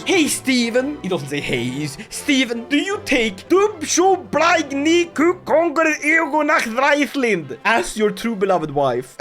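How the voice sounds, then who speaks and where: A game commentator giving comedic strategy game commentary, full of sarcastic asides and laughs. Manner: lively, swinging pitch with mock-dramatic outbursts.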